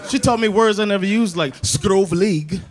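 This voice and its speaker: A man doing a stand-up comedy set, telling animated stories and slipping in Swedish phrases and big impressions. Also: high voice, moderate pace, a crowd in the background. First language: English. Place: comedy club stage before a live audience. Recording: live club recording with audience laughter and noise.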